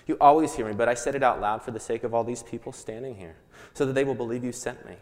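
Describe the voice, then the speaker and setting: An earnest, calm Jesus voiced by a man telling the story. The delivery stays plain and steady. A long hall reverb trails every phrase. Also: mid-range voice, quick pace, lightly acted. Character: calm, earnest adult male preacher, Jesus. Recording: echoey hall.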